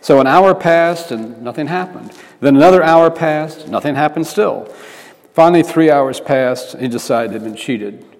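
A man's voice: fairly high pitch, normal speed, darkish tone. A man preaching by telling a story, in an earnest manner that often restarts phrases. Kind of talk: storytelling sermon. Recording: reverberant hall.

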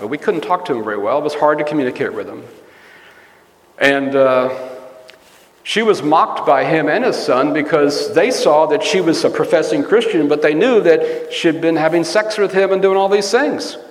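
A man's voice: a little high, lively intonation, moderate pace. A man giving a conversational sermon, telling rambling personal stories and correcting himself as he goes. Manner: storytelling, rambling, self-correcting. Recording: echoey hall with long reverb.

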